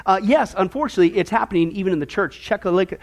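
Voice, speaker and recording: A man's voice: high-pitched, very fast, vocal fry. A man preaching about Bible prophecy in a sermon style, emphatic and sarcastic, calling his listeners folks.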